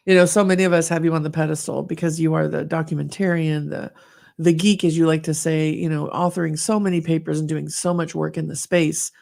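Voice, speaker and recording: A middle-aged woman co-hosting a podcast, telling animated stories in casual chat and acting out the voices she quotes. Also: low voice, fairly quick, vocal fry. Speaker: podcast co-host.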